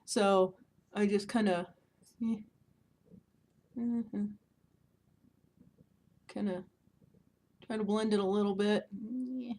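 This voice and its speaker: A woman's voice: medium pitch, steady tone, slow pace, pauses often, darkish tone. A woman in her thirties talking casually to camera at home, chatty and self-mocking, often laughing. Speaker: beauty vlogger. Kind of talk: casual vlog chat.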